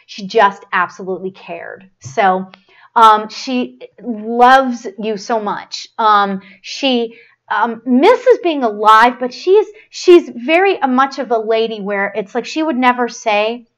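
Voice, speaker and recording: A woman hosting a live spiritual stream, giving a psychic reading in a rambling, halting way with many fillers and restarts, and a gushing, affectionate tone. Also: a little high, lively intonation, fairly bright tone, highs cut off. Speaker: medium hosting a live show.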